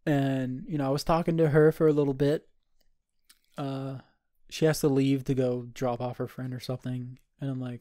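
A man's voice: mid-range voice, fairly even intonation, moderate pace, warm tone, dry recording, clean studio sound. A man in his twenties, co-hosting a podcast and telling a rambling, profane party story in casual chat. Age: 20s. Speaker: podcast co-host.

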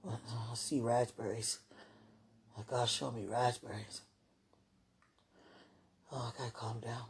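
A woman murmuring an emotional spoken prayer, soft-spoken and soothing herself. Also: very deep voice, flat delivery, measured pace, breathy edge. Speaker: mother.

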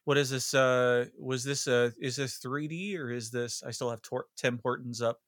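A man's voice: mid-range voice, fairly even intonation, moderate pace, fairly bright tone, dry recording, clean studio sound. A man co-hosting a podcast, curious and joking, who swears freely while chatting about a game. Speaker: podcast co-host. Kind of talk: casual podcast banter.

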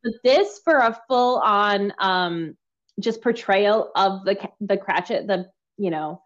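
A woman's voice: mid-range voice, slow pace, highs cut off. A woman co-hosting a podcast, chatting casually and rambling with frequent giggles. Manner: giggly, rambling, playfully quotes scenes. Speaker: podcast co-host. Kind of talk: casual chat.

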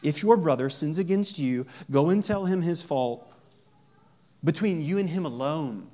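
A man's voice: on the high side, expressive, a little slow, dark tone. A man pastor preaching a conversational sermon, joking and asking his listeners many questions.

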